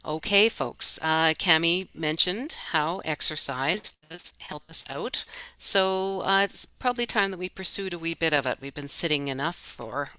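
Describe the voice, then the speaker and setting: Bright, crisp woman host. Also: low voice, a little slow, dry recording, rough recording. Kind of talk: announcing on a video call. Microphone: video call.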